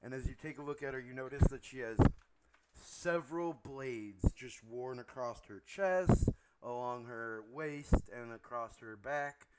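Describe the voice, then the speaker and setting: A man narrating as game master of a tabletop game, describing scenes in a relaxed way with frequent ums. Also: mid-range voice, measured pace, heavy background noise.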